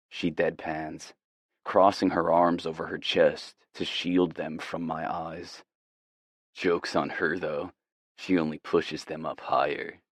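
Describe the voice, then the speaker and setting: A man reads a romance audiobook in the first person, his voice very low and the pace slow and unhurried. The reading is measured and steady. The recording is close and dry, with no room sound. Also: dry recording. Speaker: audiobook narrator.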